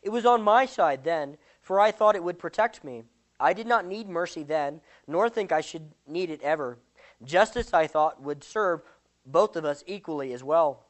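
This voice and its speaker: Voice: mid-range voice, expressive, moderate pace, close to an everyday voice. A speaker reading a parable aloud and voicing the lines of a desperate male debtor who pleads for mercy. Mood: pleading.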